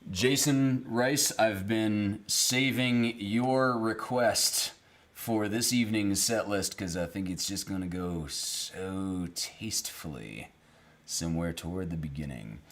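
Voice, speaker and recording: A man's voice: fairly low pitch, steady tone, slow pace, fairly bright tone. A man hosting a live music stream from a small cabin room, casually greeting viewers in the chat by name and chuckling at himself. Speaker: livestream music show host. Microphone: streaming camera setup at home.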